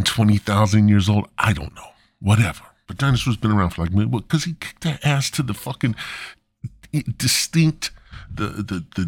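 A man's voice: slightly rough, no echo, clean studio sound. A man hosting a podcast, telling a crude comic story in a rambling, profane way. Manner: rambling and profane, with lively swings in pitch. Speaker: podcast host.

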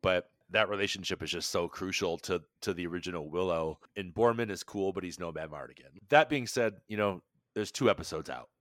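A man talking in a relaxed, conversational way as a podcast co-host. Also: sits low, brisk, dry recording, studio quality. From United States. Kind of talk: casual chat.

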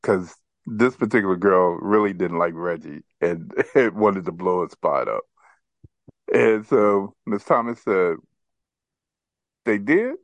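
Man, podcast co-host, low voice, dry sound, casual storytelling, animated. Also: a little slow, dry recording, highs cut off.

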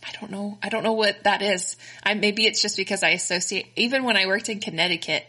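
Rambling Texan woman, bright voice. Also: mid-range voice, fairly even intonation, fast, breathy edge. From Texas, United States. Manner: rambling, many fillers and restarts. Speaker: podcast co-host. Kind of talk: casual chat.

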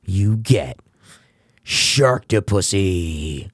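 A man doing an impression of a spooky movie trailer narrator in a low, husky voice. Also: expressive, very slow, no echo, clean studio sound, exaggerated voice. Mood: ominous. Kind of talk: impression of a celebrity doing a scary voice.

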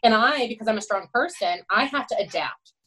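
A middle-aged woman who coaches college swimmers tells her stories in a podcast interview. Her voice sits a little high. She talks candidly and emphatically and keeps checking in with "right?". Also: expressive, fairly quick, pushed and bright, low-quality recording. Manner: candid and emphatic, peppered with "you know" and "right?". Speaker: college swim head coach.

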